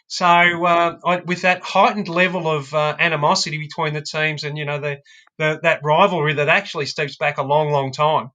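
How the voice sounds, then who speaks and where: Bright-voiced Australian man, wry and halting. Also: on the high side, fairly even intonation, muffled recording. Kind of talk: casual podcast chat.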